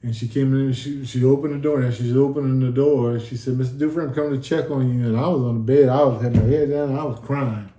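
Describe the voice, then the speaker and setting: A man's voice: mid-range voice, steady tone, fast, hardly any pauses, dark tone. Earnest man telling a story, echoey room. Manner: earnest storytelling, acts out quoted dialogue. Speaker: guest telling his near-death story. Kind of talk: casual sit-down testimony.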